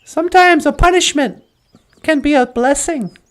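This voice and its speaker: A woman doing a calm, wise creator spirit. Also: high voice, moderate pace, natural voice. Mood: gentle. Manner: gentle, teaching.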